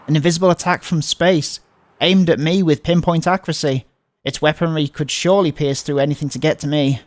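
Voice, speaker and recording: A man reading a visual novel aloud, voicing the panicky narrator with stumbles and fearful outbursts. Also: a little high. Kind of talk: dramatic read-aloud of a game.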